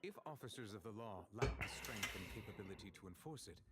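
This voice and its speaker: An actor playing a composed male chief justice in a game, formal and measured in his speech. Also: fairly low pitch, lively intonation, very noisy, natural voice. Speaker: game character.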